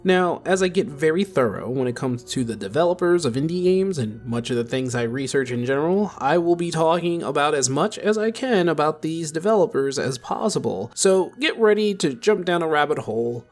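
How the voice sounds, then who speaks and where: Animated young man narrating a game video. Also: a little high, a little fast, hardly any pauses. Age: young adult. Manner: animated, chatty, self-deprecating asides. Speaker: gaming video host. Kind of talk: scripted video essay narration. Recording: faint music underneath.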